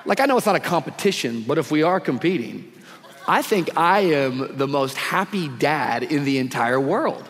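A man's voice: fairly high pitch, expressive, normal speed, a bit bright. A man in his thirties preaching a live sermon to a church congregation, casual and slangy but full of energy. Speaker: guest pastor. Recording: long reverb of a big hall.

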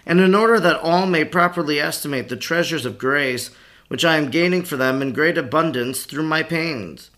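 A man's voice: a little high, normal speed, fairly bright tone, natural voice. A man reading as a meek, solemn Christ.

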